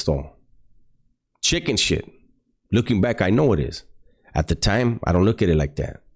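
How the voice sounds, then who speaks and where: A man recounting a personal story as a podcast guest, blunt and profane, full of street slang. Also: deep voice.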